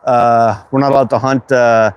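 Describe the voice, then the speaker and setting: This slingshot livestream host, a Canadian man with a Quebec accent, greets his chat by name while standing outside in cold wind, friendly and relaxed and swearing casually. He speaks in a mid-range voice at normal speed with a steady, clean tone. Wind and outdoor sounds are audible behind him.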